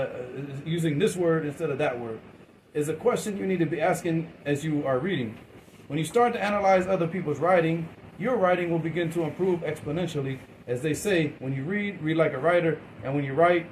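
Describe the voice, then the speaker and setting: A man's voice: fairly high pitch, a little mellow, slight background noise, rough recording. A man giving a classroom lecture, asking his students questions and waiting for answers, often repeating and restarting words in an informal way. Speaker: teacher.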